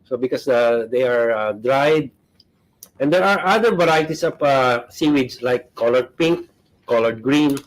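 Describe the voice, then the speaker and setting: Halting guest explaining products. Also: male voice, medium pitch, animated, poor audio. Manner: halting, many fillers.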